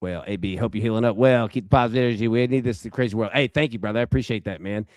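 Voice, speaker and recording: A man's voice: on the low side, very fast, a little mellow, no echo, studio quality. A man hosting a live sports betting stream, chatting loosely with viewers and reacting to a baseball game, with lots of fillers and restarts. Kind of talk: casual live-stream chat.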